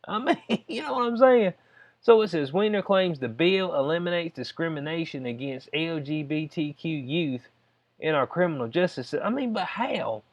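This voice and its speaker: A man with a Southern US accent vlogs over a news story, reading bits aloud and loosely commenting, often saying "you know what I'm saying." His voice is on the high side and expressive, at normal speed.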